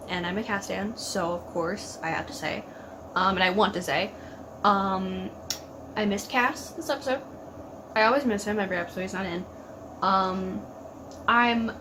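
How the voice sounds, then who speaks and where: With background noise in the clip, a medium-pitched young woman vlogs her reaction to a TV episode. Her casual chat is emotional and gushing, thick with "like," and she keeps talking back at the screen.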